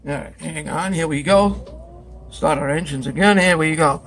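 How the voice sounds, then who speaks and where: A man's voice: fairly high pitch, unhurried, fairly bright tone. A man teaching pottery at the wheel in a studio, chatty and joking as he demonstrates step by step.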